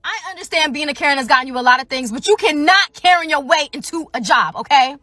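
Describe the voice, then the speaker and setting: Fast, bright, sassy woman storyteller. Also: sits high, lively intonation, no echo. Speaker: store worker telling a story. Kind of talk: casual storytime video.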